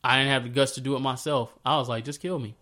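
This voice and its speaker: A man's voice: mid-range voice, fast. Casual slangy man telling a story. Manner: slangy, conversational, animated when retelling scenes. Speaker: speaker sharing a faith story. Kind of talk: casual spoken reflection.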